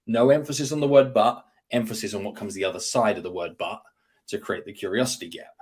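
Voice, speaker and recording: A man's voice: fairly low pitch, husky. A man explaining persuasion techniques in an interview, confidently acting out sample phrases as he teaches. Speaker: guest speaker on persuasion.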